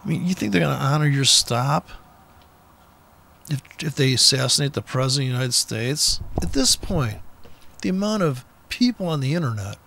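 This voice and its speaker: A man's voice: medium pitch, animated, moderate pace, gravelly, bright, forceful tone, a little hiss or hum. A man giving blunt, profane, combative trading commentary in an unscripted rant, speaking from a car with the window down.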